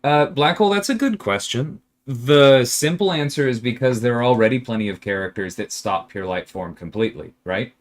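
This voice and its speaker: A man's voice: mid-range voice, normal speed, hardly any pauses. A man hosting a casual game livestream, reading chat questions aloud and answering them. His voice rises and falls a lot as he talks, and he turns emphatic and exasperated when he pushes back. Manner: animated, emphatic, exasperated rants with laughter.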